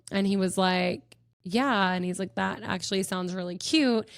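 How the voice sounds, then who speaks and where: A young woman tells stories on her own podcast in a bubbly, gushing way, giggling often. Her pitch sits in the middle for a woman. The recording is close and dry, with no room sound. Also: normal speed, no room sound. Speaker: podcast host. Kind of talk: casual chat.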